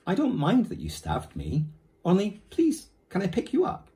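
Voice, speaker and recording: An eager young boy from a storybook reading who pleads fast, his voice jumping up high and swinging all over the place, as a male teacher puts him on. He sounds friendly and a little desperate. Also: wildly swooping pitch, warm tone, full character voice. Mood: eager pleading.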